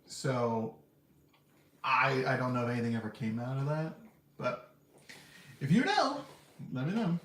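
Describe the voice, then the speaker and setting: A man's voice: medium pitch, expressive, unhurried, pauses often, a bit bright. Rambling man reviewing films in a roomy echo. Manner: rambling, candid, laughs often. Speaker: podcast host reviewing films. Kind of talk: casual movie review chat. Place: seated indoors. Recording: roomy echo, faint background hum.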